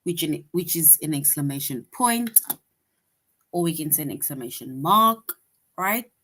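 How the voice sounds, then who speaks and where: A deep-voiced woman leads young children through an online grade-school lesson, deliberate and unhurried. She patiently repeats herself, often asks "right?", and voices her example sentences with lively bursts of expression.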